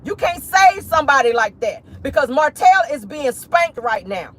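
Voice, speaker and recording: A woman's voice: sits high, very animated, moderate pace. A woman giving casual pop-culture commentary on her vlog, emphatic and preachy, with frequent profanity. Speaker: commentary vlogger.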